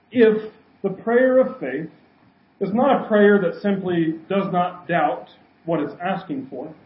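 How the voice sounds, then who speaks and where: High-voiced male pastor in a roomy church. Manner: asks the congregation many rhetorical questions. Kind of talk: sermon. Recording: roomy, dull sound.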